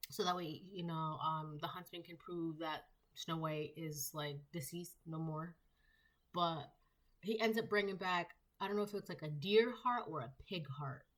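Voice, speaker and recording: Woman, low-pitched, tarot reader, casual rambling talk, many fillers. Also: moderate pace. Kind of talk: casual spoken tarot reading.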